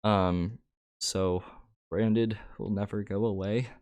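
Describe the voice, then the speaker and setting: A man's voice: lowish voice, fairly even intonation, slow, a little mellow. A young man co-hosting a casual card-game podcast, talking in a rambling way with many fillers and restarts. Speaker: podcast co-host.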